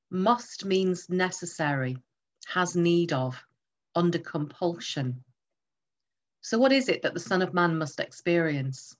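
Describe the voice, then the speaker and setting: A woman's voice: lowish voice, expressive, a little slow. A woman preaching a sermon, emphatic and teaching through rhetorical questions.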